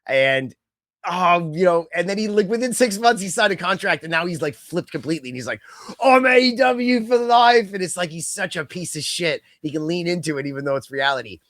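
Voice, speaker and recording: A young adult man co-hosting a casual podcast chat, rambling and animated, with lots of fillers and quick mock impressions. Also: fairly high pitch, dry recording, studio quality. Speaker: podcast co-host.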